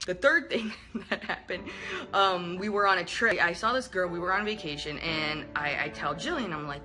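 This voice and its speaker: A young woman vlogger candidly retelling a personal story to camera, animated and profane, acting out what people said. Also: lowish voice, moderate pace, over music.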